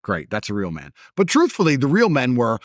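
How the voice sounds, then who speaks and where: Blunt male guest, mimics others mid-story, very lively intonation. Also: mid-range voice, fairly quick, no echo, studio quality. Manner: blunt, swears, mimics other people's voices in his stories. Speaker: interview guest. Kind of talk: forceful opinionated conversation.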